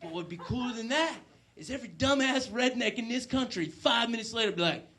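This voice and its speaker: A man doing a stand-up comedy set on stage, animated, with loud bursts and low asides. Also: a little fast, background noise. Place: stage before a live audience.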